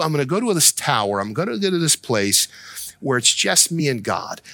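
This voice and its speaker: A man preaching from the pulpit with a bright, forceful voice that is fairly high for a man. He swings from slow, low scripture readings to near-shouted outbursts. The sound is close and dry, with hardly any room echo. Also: very animated. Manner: emphatic preaching, rising to near-shouts when voicing the prophet. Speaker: pastor. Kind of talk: sermon.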